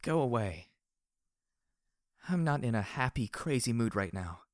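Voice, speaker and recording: A man's voice: medium pitch, expressive, unhurried, no echo, clean studio sound, pitched above the performer's own voice, lightly acted. A man voicing a worn-out, strained pony hero in an audiobook. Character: frazzled, weary pony wanderer, the hero. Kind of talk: audiobook character voice.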